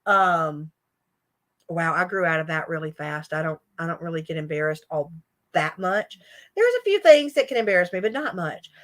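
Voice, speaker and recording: A woman's voice: lowish voice, animated, moderate pace. A middle-aged woman, a teacher and livestream host, chatting casually with her viewers and laughing often. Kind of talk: casual live chat with viewers.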